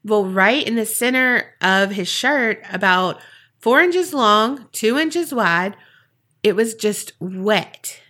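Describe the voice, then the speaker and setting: A woman's voice: mid-range voice, expressive, slow, sharp tone. A woman podcast host telling a story in a chatty, casual way with wry asides.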